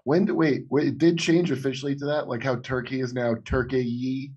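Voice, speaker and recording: A man's voice: medium pitch, fairly even intonation, normal speed, darkish tone, slightly rough, muffled recording. A man co-hosting a political talk show who laughs a lot and chats casually. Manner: laughs often, chatty asides. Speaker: co-host. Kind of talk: casual chat.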